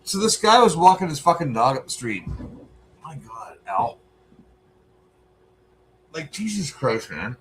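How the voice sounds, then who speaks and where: A man, co-host of a podcast, telling a profane, animated story in casual chat. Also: fairly high pitch, measured pace, pauses often, a little hiss or hum.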